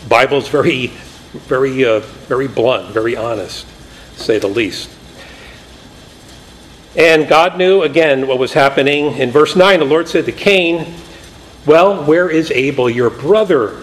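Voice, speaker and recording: A man's voice: medium pitch, measured pace, long pauses, fairly bright tone, poor audio. A man preaching a Bible study sermon in a conversational way, paraphrasing scripture and acting out the quotes with energy.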